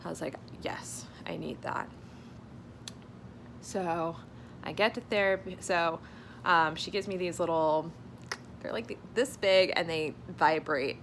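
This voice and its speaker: This is a casual vlog from a young woman at home who speaks a little slowly in a lowish voice, candid and chatty, full of fillers and occasionally whispering. There's slight background noise.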